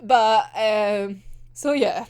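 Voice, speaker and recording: A young woman chatting casually about an anime episode, excitable and gushing, laughing often. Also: medium pitch, drawn-out words, clean tone. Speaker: anime reviewer.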